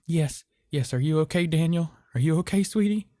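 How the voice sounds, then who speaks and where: A man voicing a frightened young woman with a Southern accent, pleading in high, breathless tones. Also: moderate pace, warm tone, dry recording, clean studio sound, natural voice. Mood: frantic. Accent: American Southern.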